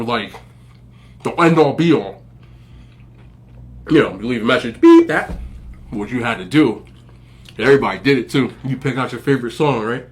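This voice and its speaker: A man in his forties telling stories to viewers in a relaxed, joking way, laughing often and using plenty of slang. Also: medium pitch. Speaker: mukbang host. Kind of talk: casual storytelling to viewers.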